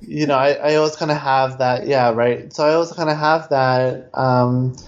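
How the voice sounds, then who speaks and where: A man's voice: medium pitch, steady tone, normal speed, dull audio. A man co-hosting a casual film podcast, talking thoughtfully with frequent restarts. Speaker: podcast co-host.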